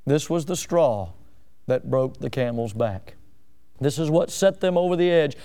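High, clear-voiced fervent preacher. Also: male voice, lively intonation, measured pace, warm tone. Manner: fervent, repeats phrases for emphasis, frequent "uh" fillers. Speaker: pastor. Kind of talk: sermon.

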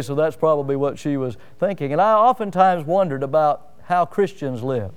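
A man preaching a sermon, telling homely stories with fillers and swinging from loud rises to soft drops. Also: on the high side, fairly quick, hardly any pauses, clean tone. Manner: folksy storytelling with fillers. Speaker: pastor.

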